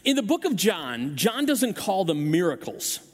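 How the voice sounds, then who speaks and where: Animated high-voiced male pastor. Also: unhurried, big-room sound. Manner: animated storytelling with acted-out voices; frequent restarts and repeated words. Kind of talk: sermon. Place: church sanctuary.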